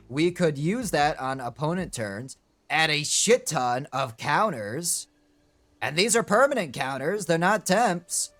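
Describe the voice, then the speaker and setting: A man streaming a card pack opening in casual chat, excitable and rambling, with frequent swearing. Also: on the high side.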